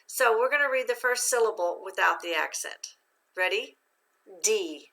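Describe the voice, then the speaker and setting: A woman's voice: fairly high pitch, animated, gravelly, pushed and bright. A woman teaching a reading lesson on syllable division, speaking patiently, asking questions and praising the listener. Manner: slow, patient, encouraging, asks questions and praises. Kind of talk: phonics lesson.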